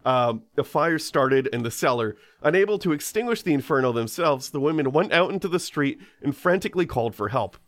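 A man's voice: on the high side, expressive, fairly quick, hardly any pauses, no room sound. A man hosting a casual comedy podcast, reading a ghost story aloud and breaking off for joking asides.

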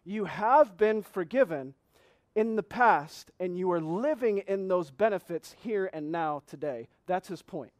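Male pastor, sermon, high voice, dry close sound, earnest, asks questions, repeats key phrases. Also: animated, no room sound. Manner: reads scripture slowly, repeating key phrases.

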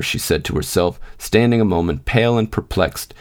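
Low-voiced man reading a story. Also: moderate pace. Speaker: podcast host and reader. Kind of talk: scripted narration.

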